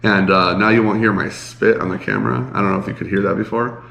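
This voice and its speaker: Male podcast co-host, congested and nasal, low gravelly voice, rambling chat in an echoey room. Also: steady tone, fast talker, fairly bright tone. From Chicago area. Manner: rambling, many fillers. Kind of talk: casual chat.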